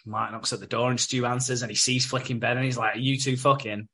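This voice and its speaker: A man's voice: medium pitch, flat delivery, quick pace, pushed and bright. A man co-hosting a podcast, rambling through a soap recap in casual chat with many fillers and swearing. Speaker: podcast co-host.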